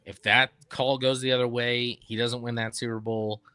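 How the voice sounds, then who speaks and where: A man's voice: medium pitch, level tone, normal speed, sharp tone, clear, resonant tone, no echo. A man co-hosting a sports talk show, making his case with stats and repeating key points for emphasis. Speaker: sports podcast co-host. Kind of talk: casual sports debate.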